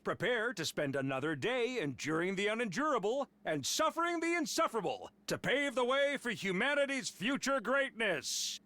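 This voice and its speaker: A man's voice: very high-pitched, big pitch swings, normal speed, hardly any pauses, bright, forceful tone, no echo, exaggerated voice. An actor voicing a tiny, bossy male creature who barks military wake-up announcements in a video game. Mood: rousing commanding. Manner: barking military wake-up calls. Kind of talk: game voice acting.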